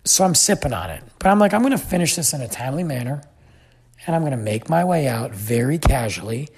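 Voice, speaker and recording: A man hosting a podcast, telling a travel story in a chatty, animated way. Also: medium pitch, quick pace, breathy edge. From United States. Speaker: podcast host. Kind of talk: casual storytelling.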